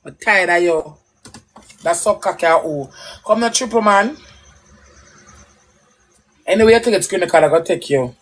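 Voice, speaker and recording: A woman's voice: on the low side, animated, moderate pace, pauses often. A woman with a Jamaican accent ranting angrily on a livestream, cursing and swooping up and down as she talks. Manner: angry, cursing, loud and swooping. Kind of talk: heated livestream rant.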